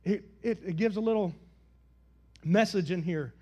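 A man preaching a sermon, swinging between loud, rising calls and quiet, dry asides. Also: high-pitched, moderate pace, breathy edge. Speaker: pastor.

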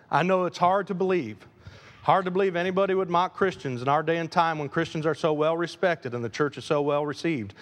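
A man preaching a sermon as pastor, animated, swinging between loud emphasis and quiet asides. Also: high voice. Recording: long hall reverb.

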